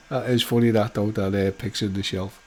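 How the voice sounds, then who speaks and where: A man's voice: on the low side, steady tone, moderate pace, darkish tone, husky. A man hosting a live stream, chatting casually and jokily with viewers and greeting them by name.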